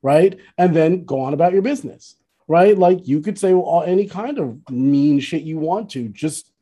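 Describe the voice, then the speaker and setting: A man's voice: a little high, animated, moderate pace, mellow, slightly rough. A man co-hosting a casual chat, talking bluntly, swearing freely and laughing along. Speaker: podcast co-host.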